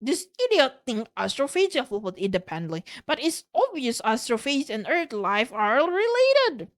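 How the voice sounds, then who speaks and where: A woman's voice: high voice, big pitch swings, moderate pace, no room sound, studio quality. Woman reading as a sarcastic male scientist. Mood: arguing. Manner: sarcastic, argumentative. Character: snarky, combative male scientist.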